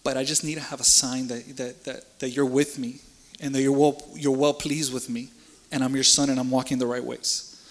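A man's voice: mid-range voice, little pitch movement, moderate pace. A man giving an emotional personal faith testimony in casual, earnest speech, often repeating words. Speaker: church member giving a testimony. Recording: reverberant hall.

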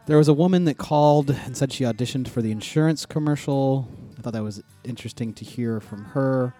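A man's voice: mid-range voice, brisk, dark tone, faint music behind. A man co-hosting a casual podcast, recapping a radio show in a rambling way with many fillers. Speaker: podcast co-host.

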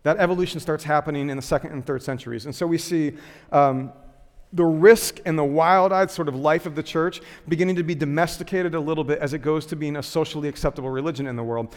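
A man giving a sermon, telling a self-deprecating personal story in a lively way with lots of filler words before turning to teaching. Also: on the high side, fast, in a large hall. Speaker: pastor.

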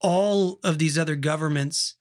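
A man in his thirties from Oklahoma hosting a casual podcast. His voice sits fairly high for a man. He tells rambling stories full of restarts and easy laughter. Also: moderate pace. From Oklahoma, USA. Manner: rambling storyteller, many fillers and restarts, laughs easily. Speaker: podcast host.

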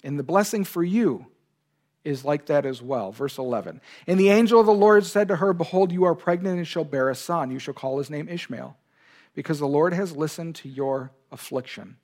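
A man's voice: fairly high pitch, moderate pace, darkish tone. Earnest male pastor preaching. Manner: earnest preaching, voices God's words with emphasis. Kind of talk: sermon.

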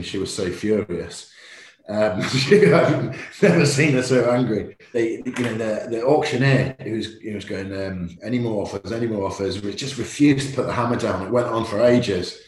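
A middle-aged man, a guest telling an animated story in a podcast interview and acting out quoted shouts. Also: lowish voice. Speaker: racehorse owner, guest. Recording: echoey room.

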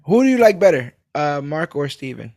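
A man with a somewhat high voice hosts a casual chat, rambling and animated as he goes. He swears freely. The recording is dry and close. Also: moderate pace, no room sound.

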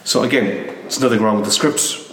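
A man's voice: mid-range voice, steady tone, brisk, fairly bright tone. A man, a comic book artist, talking casually in an interview, hesitant and full of restarts and fillers. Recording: roomy echo, distant mic, faint noise.

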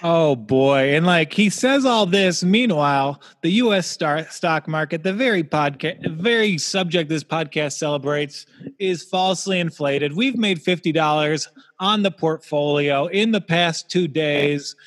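A man with a slightly high voice hosts a casual comedy podcast. He delivers dry, wry jokes while reading out figures. His voice carries a long, hall-like reverb. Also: measured pace, a bit bright. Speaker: podcast host.

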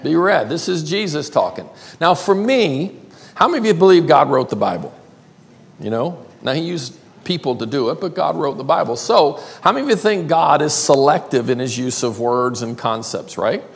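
An older man from South Carolina with a Southern accent, preaching a playful sermon and drawing words out slowly. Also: fairly high pitch, animated, gravelly. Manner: playful, drawls words slowly, calls crowd y'all. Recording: long hall reverb.

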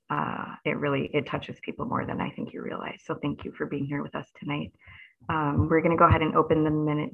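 Man, meeting chair, husky gravelly voice, phone-like sound. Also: fairly high pitch. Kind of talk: reading meeting guidelines.

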